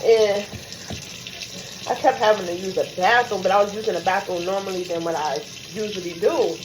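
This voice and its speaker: A young woman telling a chatty, animated storytime for her vlog. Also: mid-range voice, moderate pace, noisy background. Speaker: vlogger. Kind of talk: storytime chat. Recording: echoey room.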